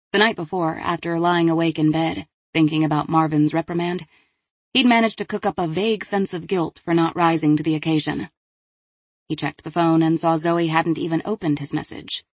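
Scripted audiobook narration comes from a woman with a low, husky voice, delivered in an even, measured storytelling style. The recording is dry.

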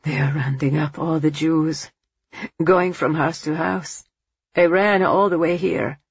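A woman voicing a desperate, relieved father in a storybook reading, soft-spoken and tearful. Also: deep voice, fairly even intonation, a little slow, creaky, husky, dry recording, highs cut off, exaggerated voice. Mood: sad.

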